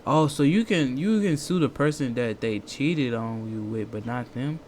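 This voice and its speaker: A man's voice: mid-range voice, moderate pace, darkish tone, slight background noise. A man hosting a reaction video, talking loosely in casual slang with lots of restarts. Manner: loose, slangy, rambling talk with many restarts.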